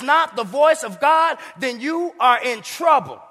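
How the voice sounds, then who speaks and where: High-pitched preaching pastor in a hall. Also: male voice, lively intonation, a little slow, few pauses, sharp tone. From Saint Paul, Minnesota. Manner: preaching with call-and-response asides and playful impressions. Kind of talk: sermon.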